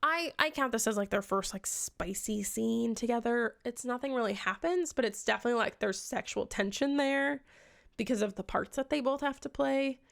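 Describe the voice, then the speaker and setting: A young woman with a fairly high, vocal-fried voice recaps a book in casual chat at normal speed. As a book reviewer she's sarcastic, swears often, and acts out the characters' lines herself.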